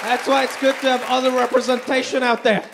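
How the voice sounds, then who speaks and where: High-voiced male stand-up comic. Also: fast talker, vocal fry, a crowd in the background, noisy background. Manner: animated storytelling, self-deprecating. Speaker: stand-up comedian. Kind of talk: stand-up comedy routine. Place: comedy stage before a live audience. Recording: live club with audience laughter.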